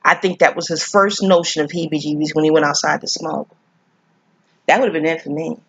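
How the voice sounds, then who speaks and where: A woman's voice: low voice, fairly even intonation, a little fast, fairly bright tone, husky, dry recording. A groggy woman from New York rambling through a movie review, profane and digressive. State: groggy, sleepy. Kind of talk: rambling casual monologue. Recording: slightly dull, dry recording.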